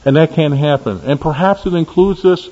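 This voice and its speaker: Man, sermon, emphatic preaching, husky voice, long reverb, muffled recording. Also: normal speed, warm tone. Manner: emphatic, rising to stressed peaks and dropping low on key words.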